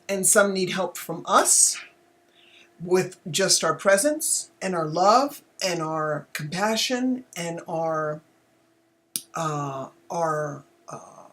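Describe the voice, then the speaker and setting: Emotional woman hosting a live stream. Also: mid-range voice. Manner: emotional, animated, with laughs and exclamations. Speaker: animal communicator host. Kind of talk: live-streamed casual talk.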